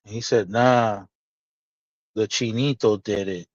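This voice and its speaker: A man telling a story in casual podcast chat, animated and profane, acting out the dialogue. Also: fairly low pitch, slow pace, no echo. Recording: dull, slightly lo-fi dry sound.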